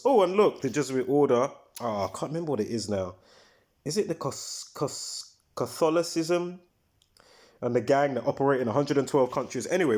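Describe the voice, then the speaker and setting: A man hosts a live stream in a loose, conversational way, with a voice of ordinary middle pitch. He rambles from point to point and stresses his words emphatically. He often stops mid-thought to search his memory for a detail. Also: a little mellow. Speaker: livestream host. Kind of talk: casual livestream commentary.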